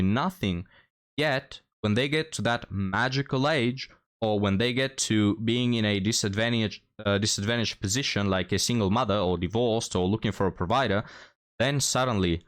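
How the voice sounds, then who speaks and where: A man with a fairly low voice hosts a commentary show. He lectures his viewers in a preaching way and turns his point into a moral tale. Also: normal speed. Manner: lecturing, tells a moral story. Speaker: commentary host. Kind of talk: reaction commentary.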